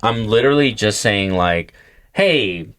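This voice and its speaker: A young man co-hosting a comedy podcast, telling stories in an animated, profane way and acting out the voices of the people he quotes. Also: on the low side, measured pace. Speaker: podcast co-host. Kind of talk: casual comedic storytelling.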